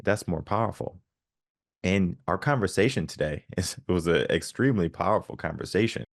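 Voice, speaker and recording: Male podcast host, very deep voice, earnest, fills with "you know", dry close sound. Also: brisk, dry recording. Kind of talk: reflective interview talk.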